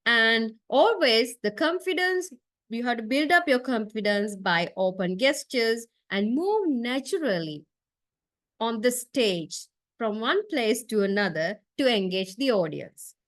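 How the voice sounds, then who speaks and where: A woman's voice: fairly high pitch, lively intonation, unhurried, fairly bright tone, no echo. A woman lecturer giving a classroom lecture, explaining step by step and checking in with "okay?" and "right?". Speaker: university lecturer.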